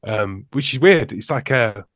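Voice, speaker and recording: A man's voice: mid-range voice, animated, a little slow, fairly bright tone, no echo, clean studio sound. A man, a podcast guest, rambles through anecdotes in casual roundtable chat, laughing often.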